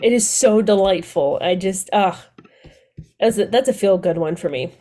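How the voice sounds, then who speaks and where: A woman's voice: medium pitch, moderate pace, mellow. A woman co-hosting a podcast, chatting casually and gushing enthusiastically about books she loved, often laughing. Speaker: podcast co-host.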